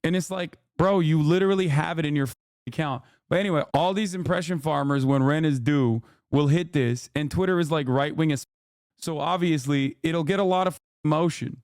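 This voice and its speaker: Guy ranting on stream, cussing, kinda high voice, dead dry mic. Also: brisk, a little mellow, dry recording. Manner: ranting, profane, mocking. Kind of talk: casual stream commentary.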